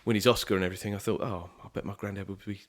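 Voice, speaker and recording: A young musician from southeast England chats as a guest in a podcast interview, easygoing and rambling, with plenty of fillers. He has a deep, steady voice and talks rapid-fire.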